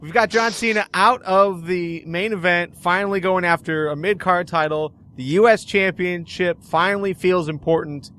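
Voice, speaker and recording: A man's voice: high-pitched, fairly even intonation, normal speed, few pauses, a bit bright. Man hosting a wrestling podcast. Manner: runs the picks, asks each guest in turn. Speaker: podcast host. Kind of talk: casual podcast chat over a call.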